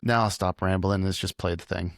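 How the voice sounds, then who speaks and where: A man with a lowish voice hosts a casual podcast chat. He talks in a relaxed, easygoing way. His voice sounds dry and close, with no room around it. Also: a little fast, dry recording. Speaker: podcast co-host.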